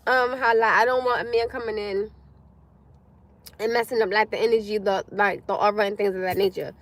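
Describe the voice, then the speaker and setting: In a dry recording, a young woman with a medium-pitched voice runs a laid-back livestream at a brisk clip. She talks animatedly with viewers, picks up their chat comments and swears freely throughout.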